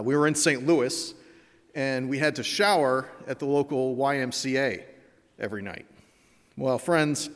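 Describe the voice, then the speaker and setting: A man's voice: mid-range voice, a bit bright, in a large hall. A pastor, a man, preaching a sermon from the pulpit in a wry, self-deprecating way, a little out of breath. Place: church sanctuary.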